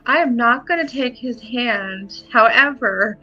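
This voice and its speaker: A woman's voice: on the high side, a little slow, pushed and bright, highs cut off, faint music behind. A woman playing a tabletop game, chatty and rambling with lots of fillers. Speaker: player.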